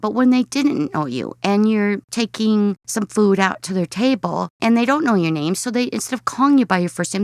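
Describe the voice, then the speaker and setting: A woman's voice: medium pitch, dry recording, studio quality. A woman talking casually to viewers, giving earnest, slightly weary advice about work. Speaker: vlogger.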